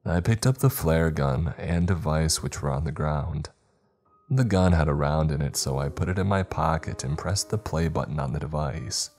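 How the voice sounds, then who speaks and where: A man narrating a horror story in a steady, measured way. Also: rumbling low. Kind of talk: scripted narration.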